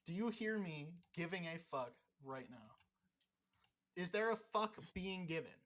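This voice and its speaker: A man's voice: sits high, lively intonation, unhurried, a bit bright. Swearing, mock-angry male podcast co-host. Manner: profane, mock-angry ranting. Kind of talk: casual podcast banter while gaming.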